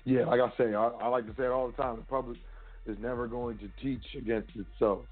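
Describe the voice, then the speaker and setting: A man hosting a call-in show, chatting casually and thanking callers in a relaxed way. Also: medium pitch, fast talker. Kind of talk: casual call-in radio chat. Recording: phone-like line with faint music.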